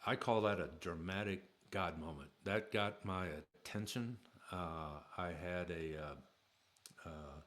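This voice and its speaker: Low-voiced man telling a story. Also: fairly bright tone. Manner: halting, many "uh" fillers and restarts. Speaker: podcast host telling a personal story. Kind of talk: casual spoken storytelling.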